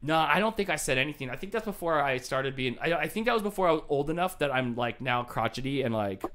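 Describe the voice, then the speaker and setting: Animated, self-mocking male game show host. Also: a little high, fast talker. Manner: rambling, self-mocking, breaks into laughter. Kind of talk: animated casual storytelling.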